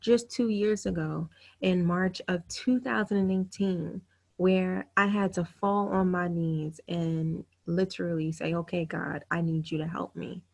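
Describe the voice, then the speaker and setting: A woman's voice: fairly low pitch, fairly even intonation, gravelly. A woman in her thirties hosting a webinar, telling her own story in an earnest, candid and emotional way over a computer mic. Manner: earnest, candid and emotional, with quick self-quotes. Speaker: webinar host. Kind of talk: webinar talk, personal storytelling.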